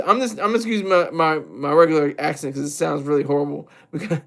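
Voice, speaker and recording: A man with a fairly high voice for his sex, talking off the cuff on a live stream. He rambles and circles back, repeating himself and stopping to react to his chat. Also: normal speed. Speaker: streamer and commentator.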